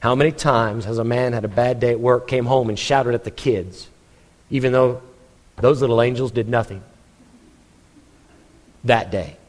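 A man's voice: medium pitch, moderate pace, long pauses, big-room sound. A man preaching a sermon, telling a story with humor and acting out the people he quotes, often chuckling.

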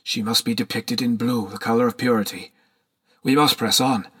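A man's voice: mid-range voice, steady tone, moderate pace, a bit bright, breathy edge. A man doing a zealous, insistent monk leader. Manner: insistent, firm.

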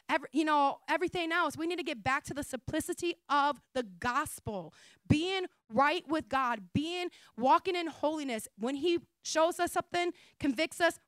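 Woman pastor, sermon; smooth, higher pitch, conversational with emphatic peaks. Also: dry recording. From United States. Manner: conversational preaching, rising emphatic pitch with soft asides.

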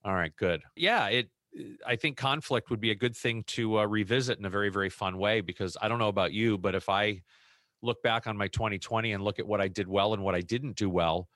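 Middle-aged male podcast co-host, low voice, dry close mic, reflective and easygoing. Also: fairly quick, fairly bright tone, no echo. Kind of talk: casual chat.

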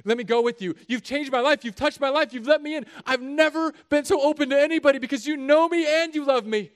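A man preaching who acts out a formerly possessed man begging desperately, his voice pitched high and loud. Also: fast talker, in a large hall. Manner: pleading, voice rising high.

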